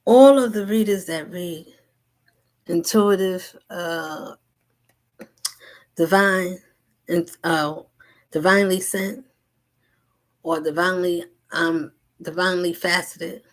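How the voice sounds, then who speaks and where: A woman delivering a spiritual message in a rhythmic, repetitive way, slipping between whispers and loud asides. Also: lowish voice, steady tone, slow pace, pauses often. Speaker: spiritual channel host.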